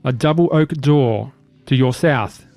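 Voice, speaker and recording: A man running a tabletop game as dungeon master, giving calm, matter-of-fact rulings and narration. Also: mid-range voice, unhurried, faint music behind.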